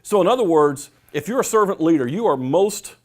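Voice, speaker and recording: A middle-aged man gives a conference workshop lecture in a somewhat high voice for a man. He talks conversationally, stumbling through fillers and restarts, and now and then reads quotations aloud. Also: lively intonation, fairly quick. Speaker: professor giving a workshop talk.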